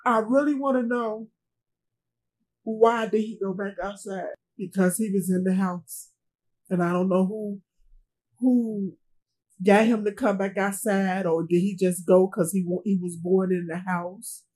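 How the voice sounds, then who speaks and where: Husky-voiced grieving mother recounting a loss. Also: mid-range voice, steady tone, mellow, poor audio. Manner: halting, repeats phrases, trails off. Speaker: interviewee, bereaved mother. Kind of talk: emotional interview testimony.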